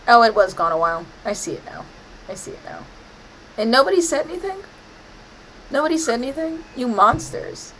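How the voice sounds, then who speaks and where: A woman's voice: fairly high pitch, animated, brisk, fairly bright tone, a little hiss or hum, low-quality recording. A woman chatting casually over her gameplay, playfully scolding the game with mock-dramatic outbursts. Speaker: gaming streamer.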